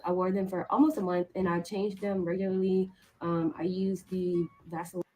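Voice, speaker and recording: Low-voiced woman vlogging, rambling chat. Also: level tone, moderate pace, a little mellow, low-quality recording. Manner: chatty, rambling, many ums and likes. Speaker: vlogger, teacher. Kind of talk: casual vlog to camera. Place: apartment, indoors.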